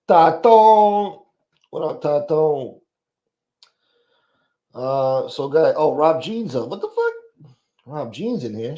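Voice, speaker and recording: A man's voice: fairly high pitch, warm tone, lo-fi sound. A man hosting a livestream, greeting chatters by name in a profane, joking, casual way. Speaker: livestream host.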